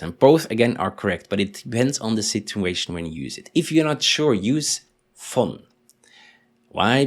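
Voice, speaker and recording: A man teaching in English, explaining patiently and slowly repeating example sentences. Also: lowish voice. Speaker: German teacher. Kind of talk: language lesson explanation.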